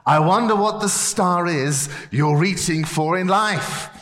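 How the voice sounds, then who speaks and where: A man's voice: high-pitched, slow pace, a bit bright. A man entertaining children at a camp as a ventriloquist, playful and jokey, mixing gags with encouragement about faith. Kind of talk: lively children's show with preaching. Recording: hall reverb.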